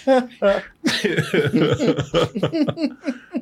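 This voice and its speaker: A man's voice: high voice, drawn-out words, husky. A man hosting a movie review show, telling stories in casual chat, laughing often and acting out quotes. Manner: laughing, animated storytelling, acts out quotes.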